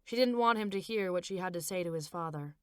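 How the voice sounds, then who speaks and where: A woman author narrating her own novel as an audiobook, in a measured, expressive reading. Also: on the low side, smooth, no room sound, studio quality.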